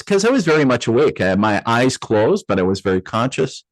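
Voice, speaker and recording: A man being interviewed, telling a personal story in a loose, animated way with many fillers and restarts, acting out the voices he quotes. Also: mid-range voice, a little fast, no room sound, low-quality recording. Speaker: interview guest, medium.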